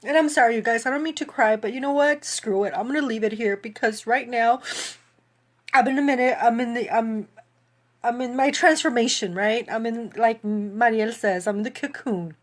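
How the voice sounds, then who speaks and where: A woman's voice: a little high, moderate pace. A woman who runs a fitness program, giving a gratitude testimonial on a live stream, crying and laughing through tears.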